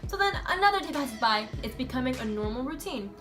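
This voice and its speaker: Woman, high voice, chatty, rambling, filler-heavy, casual storytelling, soft music underneath. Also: expressive, quick pace. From USA. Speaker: vlogger.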